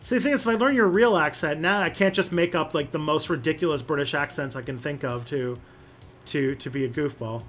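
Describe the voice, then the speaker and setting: A man's voice: a little high, brisk, a bit bright, a little hiss or hum. A man hosting a casual livestream and answering chat questions, rambling with lots of fillers and restarts.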